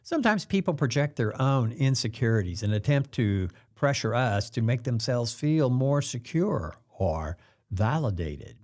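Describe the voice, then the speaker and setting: Lively-voiced man hosting a self-help talk. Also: medium pitch, a little slow. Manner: calm explanatory delivery, acts out quoted pressure lines. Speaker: host.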